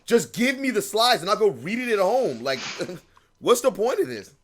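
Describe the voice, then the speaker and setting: A man producing a podcast, joking around in relaxed banter. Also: high-pitched, normal speed. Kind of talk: casual podcast chat.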